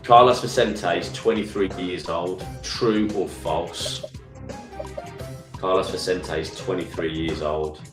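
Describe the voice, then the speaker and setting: A man's voice: deep voice, fairly even intonation, normal speed, few pauses, roomy sound, music in the background. A man with a Birmingham accent co-hosting a football phone-in live stream, reading out quiz questions twice in a chatty way. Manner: reads each question twice, chatty with frequent "mate".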